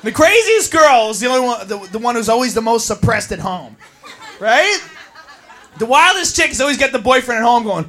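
A woman doing a stand-up comedy routine, brash and profane, yelling her punchlines on a club stage. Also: on the high side, sing-song, brisk, a little hiss or hum. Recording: live club, audience crowd behind.

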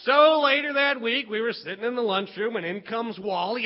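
A man from West Virginia with a strikingly high voice spins a comic tale in a lively, playful way. The recording sounds dull and lo-fi. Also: moderate pace. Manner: animated, lively delivery with playful character voices. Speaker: storyteller. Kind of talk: humorous storytelling.

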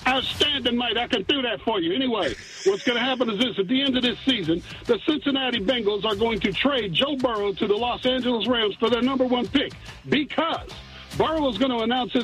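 A man's voice: very high voice, poor audio. A man from Western Pennsylvania calling in to a sports radio show, boastful and jokey with trash talk. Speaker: caller.

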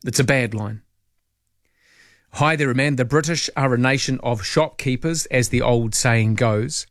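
A man's voice: medium pitch, normal speed, no room sound, studio quality. A man hosting a talkback radio show, chatting casually and musing aloud as he reads out listener texts. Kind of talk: late-night talkback radio chat. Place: radio studio. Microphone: studio microphone.

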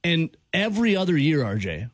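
A man's voice: a little high, very animated, moderate pace, no room sound. A man hosting sports radio, reading the sports update and then chatting casually and a bit rambling in a studio. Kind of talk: sports update and morning show chat.

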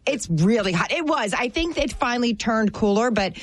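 A woman co-hosting a talk show, teasing the host with quick reactions. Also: on the high side, lively intonation, no echo. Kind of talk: casual chat.

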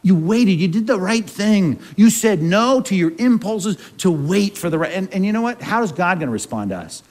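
Male pastor, high voice, preaching a sermon, chatty, keeps asking the crowd questions. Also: expressive, normal speed, darkish tone. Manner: conversational preaching with frequent rhetorical questions.

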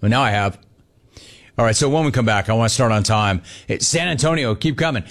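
A man's voice: mid-range voice, brisk, faint music behind. A man hosting a sports talk radio show, emphatic and riffing on callers.

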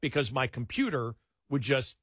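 Radio talk host guy, kinda husky, bright, tells stories acting out the dialogue, dry close sound. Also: mid-range voice, normal speed, dry recording. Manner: animated storyteller, repeats words, acts out dialogue. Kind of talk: casual storytelling chat.

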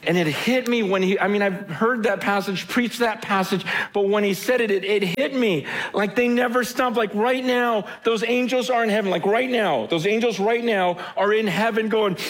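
A man preaching an impassioned sermon, moving from loud outcries to low, intimate asides. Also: normal speed, few pauses.

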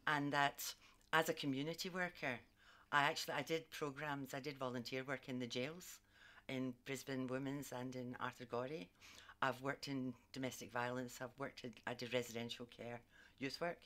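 An Australian woman, a psychic and former community worker, telling stories in a lively, laughing way as a guest. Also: very deep voice. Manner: animated, laughs often, quick asides. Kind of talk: storytelling in casual conversation.

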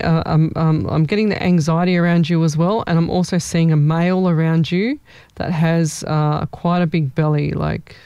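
Psychic host, rambling live-stream readings, warm and smooth. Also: mid-range voice, no room sound. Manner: chatty, rambling, thinks aloud.

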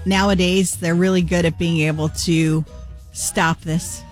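A woman's voice: on the low side, flat delivery, unhurried, soft background music. A woman hosting a radio morning show, chatting and running a fill-in-the-blank game. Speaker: radio host.

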